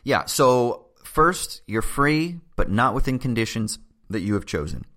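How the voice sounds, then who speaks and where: A man's voice: medium pitch, big pitch swings, unhurried, a bit bright. A man explaining philosophy in a casual podcast chat, swearing freely and checking in with "right?".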